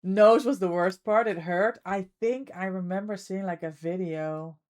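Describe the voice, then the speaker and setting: A woman's voice: mid-range voice, fairly even intonation, a little slow, darkish tone. A woman livestreamer chatting casually with her viewers while she plays, thanking them by name as she goes.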